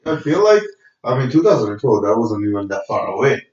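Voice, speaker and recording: A man in a casual podcast chat, relaxed and full of fillers. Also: mid-range voice, a little fast. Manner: relaxed, filler-heavy, says "like" a lot. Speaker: podcast co-host. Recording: roomy, distant, dull lo-fi sound.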